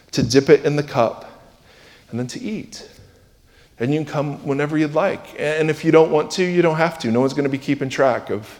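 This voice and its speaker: A man preaching a sermon in a church, conversational and self-deprecating, moving between loud emphasis and hushed asides. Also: on the high side, long reverb tail. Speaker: pastor. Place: church sanctuary.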